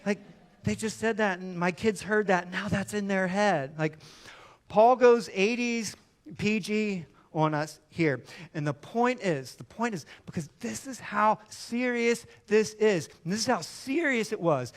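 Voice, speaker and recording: Lively, high-voiced male pastor preaching. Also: a little slow. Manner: animated, conversational preaching with mock dialogue. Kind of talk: sermon.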